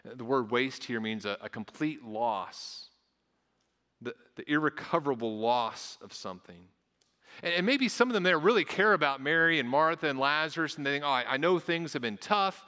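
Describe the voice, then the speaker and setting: A man's voice: medium pitch, lively intonation, moderate pace, pushed and bright, in a large hall. A man, a pastor, preaching a sermon earnestly, often repeating his words as he goes. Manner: earnest, repeats words, acts out voices of onlookers.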